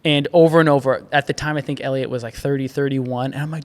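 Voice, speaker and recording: A man's voice: mid-range voice, fast, hardly any pauses. Earnest man telling his story, reverberant room. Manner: earnest and grateful, animated storyteller. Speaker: agency founder, guest. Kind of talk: casual conversational interview.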